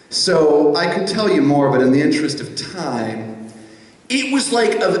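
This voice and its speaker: A man telling a personal story live on stage, animated and rambling, with a self-mocking streak. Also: high-pitched. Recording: echoey live hall.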